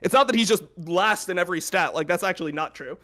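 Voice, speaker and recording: A young man with a fairly high voice hosts a casual podcast. He talks in blunt, profane, exasperated rants. His delivery is loose and conversational. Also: quick pace, fairly bright tone. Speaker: podcast host.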